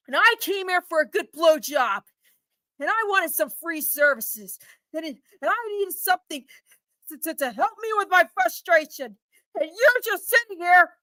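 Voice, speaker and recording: A woman's voice: very high-pitched, animated, a little slow, bright, forceful tone, dry recording, exaggerated voice. A woman doing a ranting, stammering angry man. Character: angry frustrated middle-aged male customer. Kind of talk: storytelling role-play.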